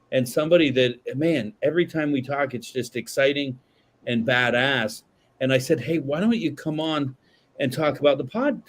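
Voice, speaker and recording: Rambling, profane male podcast host. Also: medium pitch. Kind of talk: casual podcast chat.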